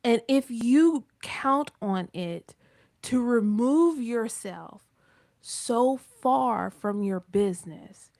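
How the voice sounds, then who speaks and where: A woman with a Southern accent from North Carolina, talking in an emphatic, animated way and slipping into other voices when she quotes people. Her voice sits a little high and her delivery is slow and drawn out. The sound is dry and close. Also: vocal fry, dry recording. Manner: emphatic, acts out quoted speech in shifting voices. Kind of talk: casual chat on a live broadcast.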